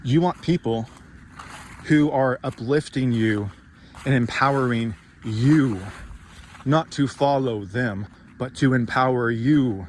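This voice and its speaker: A man's voice: medium pitch, slow pace, darkish tone, slight background noise. A man delivering an intense, profane motivational rant, rambling and mocking himself as he goes. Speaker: podcast host.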